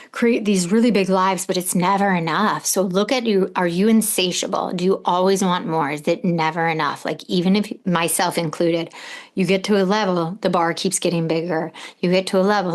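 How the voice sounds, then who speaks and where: A middle-aged woman hosting a podcast, talking earnestly and directly and putting questions to her listeners. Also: medium pitch. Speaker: podcast host and coach. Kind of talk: advice monologue.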